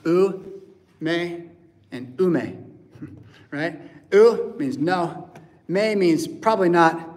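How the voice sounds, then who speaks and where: Animated American male pastor preaching. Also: fairly high pitch. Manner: animated, acts out voices and sounds. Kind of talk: sermon. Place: church.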